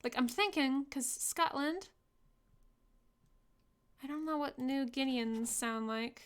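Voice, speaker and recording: A woman's voice: high-pitched, slow. A woman streamer giving casual, playful gameplay commentary and chatting with her viewers. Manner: playful, chatty, riffing with chat.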